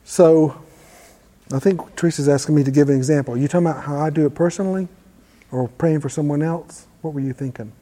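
A man's voice: fairly high pitch, fast, dark tone, big-room sound. A man teaching informally and telling a personal story, conversational and self-deprecating. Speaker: ministry teacher.

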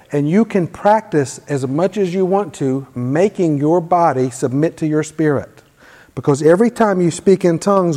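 A man preaching a sermon, leading the room in call-and-response prayer with forceful commands. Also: a little high. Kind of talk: sermon teaching. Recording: long hall reverb.

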